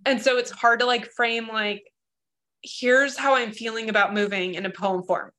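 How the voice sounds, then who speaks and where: A woman's voice: fairly high pitch, steady tone, normal speed, sharp tone. A woman sharing her writing struggles in a group workshop, talking earnestly and emotionally with many fillers over a video call. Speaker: workshop participant. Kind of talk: casual group discussion.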